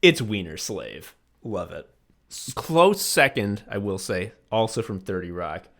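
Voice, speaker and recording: A man's voice: on the low side, very animated, a little slow, a bit bright. A man co-hosting a casual comedy podcast, ranting and swearing with mock voices, laughing often as he talks. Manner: laughs often while talking. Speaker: podcast co-host.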